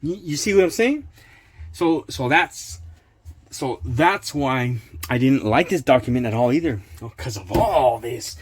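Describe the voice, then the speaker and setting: A man's voice: mid-range voice, lively intonation, measured pace. A man hosting his own channel, reading court papers aloud in casual commentary, sarcastic and indignant, laughing often. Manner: indignant outbursts.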